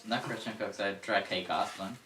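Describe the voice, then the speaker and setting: A person off to the side of a live stream, reading viewer comments aloud in a flat, offhand way. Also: low voice, brisk, a little hiss or hum. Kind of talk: casual live-stream chat. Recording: distant echoey room sound.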